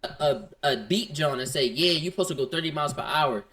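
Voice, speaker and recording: Animated man retelling a run-in. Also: fairly high pitch, slight background noise. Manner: retells a dispute, acting out both sides in quick quotes. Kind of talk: animated casual storytelling.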